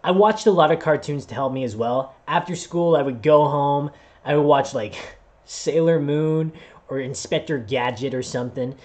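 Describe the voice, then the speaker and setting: A man's voice: a little high, normal speed. A man and voice actor telling a personal story to camera in a casual vlog, acting out voices as he goes. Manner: animated, acts out voices while telling a story. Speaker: vlogger and voice actor.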